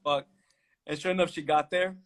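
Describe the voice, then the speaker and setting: A man telling a story in casual chat, profane and animated, acting out what people said. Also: fairly high pitch, fast talker. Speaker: guest fighter.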